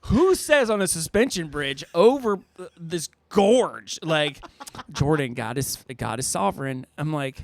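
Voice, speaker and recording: A man co-hosting a casual podcast, animated and laughing often as he tells stories, tripping over repeated words. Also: fairly high pitch, a little slow, gravelly, a little hiss or hum. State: afraid of heights. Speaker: podcast co-host. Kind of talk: casual chat.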